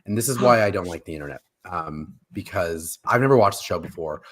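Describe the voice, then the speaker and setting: A man's voice: lowish voice, sharp tone. A man hosting a pop culture podcast in a casual, rambling way, often laughing at himself. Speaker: podcast host.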